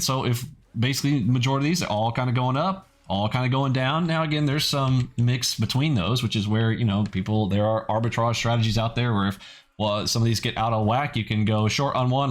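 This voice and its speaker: A man's voice: medium pitch, fairly quick. A man hosting a trading channel in a casual, blunt and skeptical way, often adding "okay" as he talks. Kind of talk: casual video commentary.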